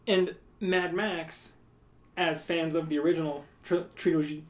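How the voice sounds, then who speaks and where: A man's voice: fairly high pitch, fairly even intonation, a little slow. A man co-hosting a podcast in casual chat, rambling along with joking asides. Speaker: podcast co-host.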